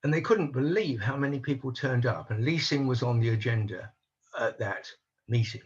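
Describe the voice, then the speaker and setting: An older man speaking on a conference panel over a video call, measured and analytical, voicing doubts in a deliberate way. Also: mid-range voice, slightly rough, highs cut off. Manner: measured, analytical, openly skeptical. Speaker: panel speaker on housing policy. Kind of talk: online conference talk.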